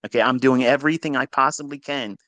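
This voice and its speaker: A man's voice: mid-range voice, quick pace, sharp tone, no echo. A man coaching traders in a blunt, profane motivational monologue. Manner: profane, emphatic, preachy. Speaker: trading coach.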